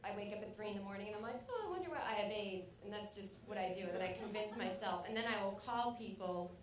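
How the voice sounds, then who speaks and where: A woman's voice: mid-range voice, level tone, fast, distant mic, slight background noise. Rambling woman comic, echoey room. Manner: rambling, self-mocking, loud acted outbursts. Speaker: stand-up comedian. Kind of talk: stand-up set. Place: comedy club stage. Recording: echoey club recording from afar.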